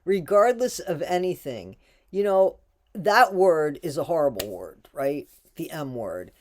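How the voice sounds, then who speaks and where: Reaction creator, female, American accent, unhurried and mocking, very animated pitch. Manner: sarcastic, mocking asides. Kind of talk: casual commentary on a TV clip.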